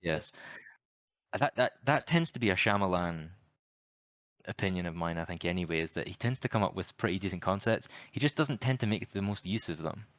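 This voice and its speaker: A man's voice: low voice, animated, brisk, a bit bright, no echo. A man co-hosting a podcast, giving wry, opinionated film opinions with dry sarcastic jokes. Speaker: podcast co-host. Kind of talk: casual film review chat.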